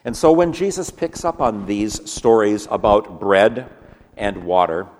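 A man preaching a sermon in earnest, swinging from lively emphasis to hushed, low passages. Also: a little slow, big-room sound. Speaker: pastor.

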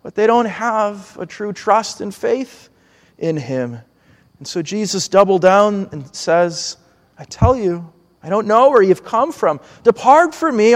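A man preaching a sermon in an earnest, measured way, now and then acting out pleading voices. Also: sits high, long reverb tail.

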